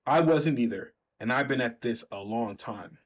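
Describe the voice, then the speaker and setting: A man reading as a gruff, bossy veteran hero. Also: medium pitch, moderate pace, muffled recording, natural voice. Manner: curt, lecturing.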